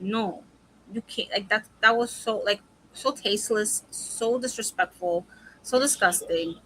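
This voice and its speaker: A woman co-hosting a casual wrestling chat show, animated and emphatic, quick to agree. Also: mid-range voice, breathy edge, low-quality recording. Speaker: podcast co-host.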